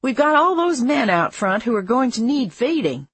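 A woman narrator voicing a placid, motherly older housewife who speaks calmly and gently. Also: fairly high pitch, moderate pace, husky, no echo, pitched above the performer's own voice. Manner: calm, gentle.

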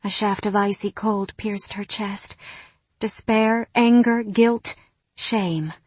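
Brief: expressive female narrator, mid-pitched, dry close studio sound. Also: breathy edge, dry recording. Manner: expressive, dramatic pauses. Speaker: audiobook narrator. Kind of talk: scripted audiobook narration.

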